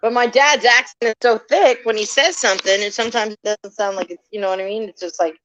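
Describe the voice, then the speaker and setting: A woman's voice: a little high, fast, slight background noise. A woman chatting casually on a stream in slangy talk, acting out the voices in her stories. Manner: slangy, animated, acts out quotes. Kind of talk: casual chat. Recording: dry, dull, lo-fi stream audio.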